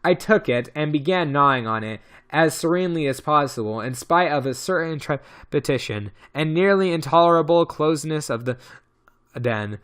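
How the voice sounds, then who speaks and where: A man narrating a novel in an amateur audiobook reading. His voice sits somewhat high and sounds bright and tense. He often trips over a word and starts it again. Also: lively intonation, normal speed, clean tone. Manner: stumbles and restarts words. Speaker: audiobook reader.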